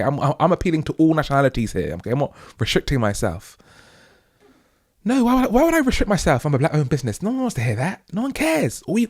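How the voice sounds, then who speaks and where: A man's voice: no room sound, clean studio sound. Emphatic British man holding forth. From United Kingdom. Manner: emphatic, preachy, repeats "okay?" often; rising to loud high emphasis on key points. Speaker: host. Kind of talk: opinionated monologue.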